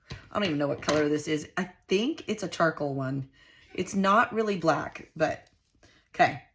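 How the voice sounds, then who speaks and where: In a lowish, creaky voice over a noisy background, a middle-aged woman hosts her scrapbooking channel, working at her craft desk. The casual tutorial chat is warm and homey, and she addresses viewers directly.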